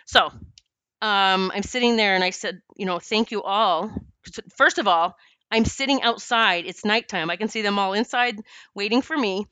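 A woman podcast host telling a personal story in an emotional, animated way. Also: medium pitch, moderate pace, smooth, no echo.

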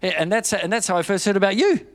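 A man's voice: high voice, quick pace. Fervent New man preaching. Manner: storytelling with quoted dialogue, rising to fervent urging. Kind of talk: sermon.

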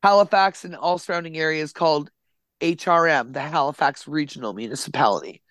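A man's voice: on the high side, a little fast, a bit bright, dry recording. A man hosting a podcast, chatting casually and enthusiastically and swearing freely as he talks. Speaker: podcast host. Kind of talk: casual chat. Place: Nova Scotia home recording.

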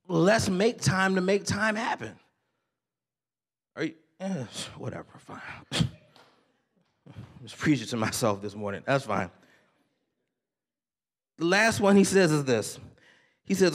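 Man preaching, loud then hushed. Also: on the high side. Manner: swings from loud, rising exhortation to quiet, confessional talk; conversational, with slang and self-deprecating asides. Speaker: pastor. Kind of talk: sermon.

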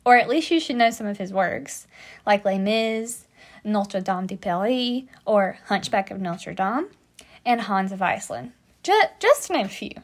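An American woman hosting a casual history podcast, chatty and joking, with playful asides. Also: on the high side. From United States. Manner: chatty, joking asides, southern-tinged "y'all". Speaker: podcast host.

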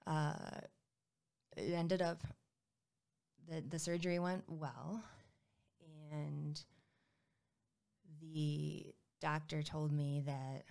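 Woman, thirties, low voice, gravelly, candid conversational storytelling. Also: steady tone, takes it slowly, long pauses, a little mellow. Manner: candid, with frequent fillers and quoted dialogue. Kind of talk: personal story told in conversation.

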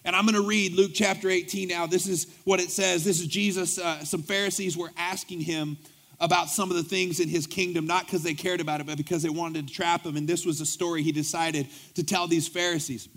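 Guy pastor preaching, kinda high voice, acts out all the back and forth in his stories. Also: brisk. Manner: animated storyteller acting out dialogue. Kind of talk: sermon with storytelling.

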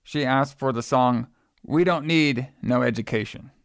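A man's voice: mid-range voice, a little slow, clean tone, no room sound, studio quality. A man co-hosting a podcast, recapping a movie in a laid-back, rambling way and laughing often. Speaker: podcast co-host. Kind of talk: casual chat.

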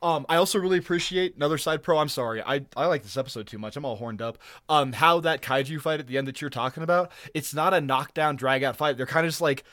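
A man co-hosting a relaxed podcast with a voice a touch higher than most. He rambles from tangent to tangent with excitement, swearing freely and laughing along the way. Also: fast talker, few pauses, no room sound, clean studio sound. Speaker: podcast co-host. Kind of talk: casual podcast chat.

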